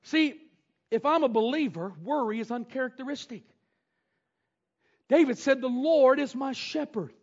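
Male preacher, very high voice, shouts and whoops between quieter teaching, muffled lo-fi recording. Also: normal speed, long pauses. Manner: shouting bursts and whoops, then drops to low teaching tone. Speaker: pastor. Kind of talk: sermon. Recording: dull lo-fi sound.

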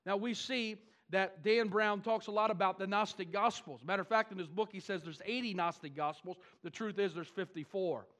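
Man preaching, high voice, animated, wry asides. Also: normal speed, few pauses. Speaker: pastor. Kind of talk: sermon.

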